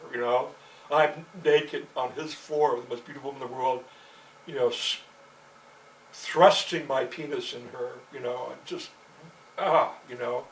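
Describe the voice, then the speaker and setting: A man telling a long personal story in a meandering, profane way, with constant "you know" fillers. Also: medium pitch. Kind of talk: rambling personal storytelling monologue. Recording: distant mic with faint background noise.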